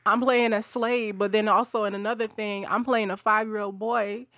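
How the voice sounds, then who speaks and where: A woman voice actor chatting on a podcast, telling animated stories with quick restarts. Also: medium pitch, no room sound. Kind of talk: casual podcast chat.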